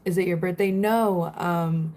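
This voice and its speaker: A woman's voice: fairly low pitch, steady tone, unhurried, a little mellow. A young woman from Florida chatting casually on a livestream, giggling often and answering viewers' comments.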